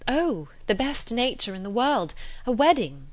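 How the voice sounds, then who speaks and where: A woman reading aloud, voicing a lively, proud young gentlewoman heroine, raising her voice for the part. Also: medium pitch, normal speed, close to an everyday voice. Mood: earnest.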